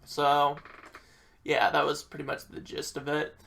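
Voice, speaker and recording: Young dude ranting a school story, swears a lot, bright forceful voice. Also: male voice, a little high, completely flat delivery, unhurried, gravelly. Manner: profane, rambling, acts out quoted people. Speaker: vlogger. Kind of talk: casual storytime rambling.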